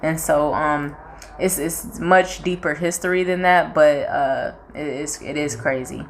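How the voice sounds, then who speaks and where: Young Southern-accented woman, low-pitched, frank and talkative in a casual chat. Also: steady tone, measured pace, a little hiss or hum. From North Carolina, US. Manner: frank and talkative, acts out quoted voices. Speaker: channel co-host.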